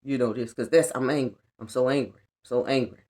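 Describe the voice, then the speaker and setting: A woman's voice: extremely low pitch, brisk, warm tone. A middle-aged woman giving an earnest, colloquial personal testimony on a spiritual vlog, repeating lines for emphasis. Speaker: spiritual vlogger.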